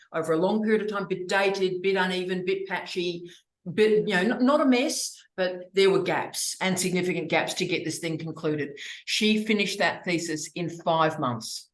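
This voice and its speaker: A woman's voice: on the low side, normal speed. Effusive Australian woman hosting, echoey room. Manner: effusive, affectionate, energetic. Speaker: university graduate studies host. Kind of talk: online information session.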